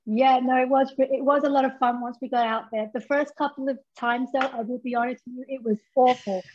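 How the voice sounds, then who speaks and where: A woman guest speaks in a high voice, candid and chatty, filling her answers with little asides. Her audio comes through dull and lo-fi, as if over a remote link. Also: steady tone, fairly quick, darkish tone. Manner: candid, chatty, many fillers. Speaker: guest, former pro wrestler. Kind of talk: casual interview chat.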